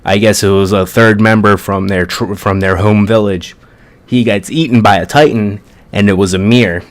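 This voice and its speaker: A man casually recapping an anime episode in an excited, chatty way, with plenty of swearing. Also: on the low side, moderate pace. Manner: excited, profane, chatty storytelling. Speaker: anime reviewer.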